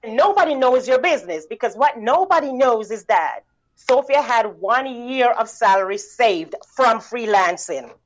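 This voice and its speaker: A woman's voice: fairly high pitch, lively intonation, moderate pace, lo-fi sound. A woman from the Caribbean, a bookkeeping business owner, telling her story in a casual interview, with many "you know"s and laughs.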